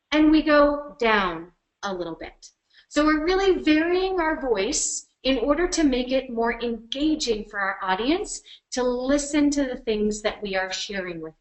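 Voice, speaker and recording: A woman coaching presenters in a webinar from her computer, speaking energetically and with emphasis, shifting her speed and loudness to show each point. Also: sits high, reverberant, rough recording. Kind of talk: instructional webinar workshop. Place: at her computer on a web call.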